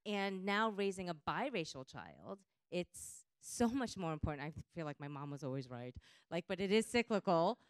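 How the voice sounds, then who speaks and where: A woman from New Jersey with a Jersey accent, speaking on a journalist panel in an animated, emphatic, personal way. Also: fairly low pitch, normal speed, smooth, no room sound. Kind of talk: panel discussion.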